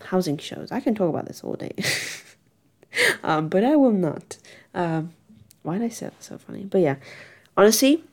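Young girl chatting to camera, kinda low voice, laughs at herself a lot. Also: darkish tone. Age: young adult. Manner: giggly, rambling and self-mocking. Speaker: vlogger. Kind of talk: casual chat to camera.

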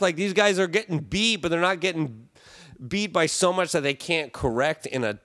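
A man with a fairly high voice talks loosely as a podcast guest, animated and often trailing off mid-sentence. The sound is dry with no room echo. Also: moderate pace. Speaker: comedian guest. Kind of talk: casual podcast chat.

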